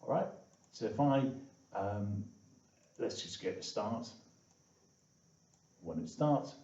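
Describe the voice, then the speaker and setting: On the low side and mellow, this man talks slowly but animatedly as he teaches a coding tutorial captured on screen. His chatty style is filled with "okay" and "all right." The audio comes across as echoey, distant and dull, typical of a lo-fi room.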